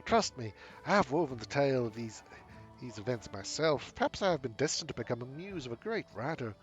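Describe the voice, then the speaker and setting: A man's voice: mid-range voice, lively intonation, fairly quick, highs cut off, soft background music, lightly acted. A man voicing a grand, mystical woman wanderer from far away, with a flowery, theatrical drawl, in a game. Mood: grandiose.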